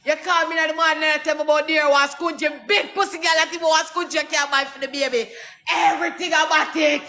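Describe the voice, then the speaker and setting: A Jamaican man with a high, bright voice rants loudly in thick patois. He shouts and curses in a heated outburst, with faint music playing behind him. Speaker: social media personality. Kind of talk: angry profane rant.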